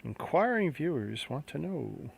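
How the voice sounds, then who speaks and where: A man's voice: fairly high pitch, big pitch swings, measured pace, creaky, husky. A man hosting a casual livestream, chatting and musing aloud as he builds a model kit. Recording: faint background noise.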